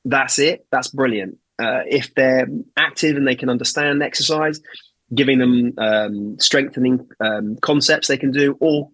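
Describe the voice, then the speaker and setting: Man, osteopath guest, emphatic, middle pitch, dry sound. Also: steady tone, unhurried, fairly bright tone, dry recording, poor audio. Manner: confident, emphatic explainer. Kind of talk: interview answer.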